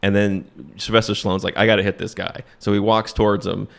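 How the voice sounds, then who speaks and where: A man's voice: on the low side, level tone, a little fast, creaky. A man casually retelling a movie plot on a comedy podcast, acting out the characters' lines and laughing often.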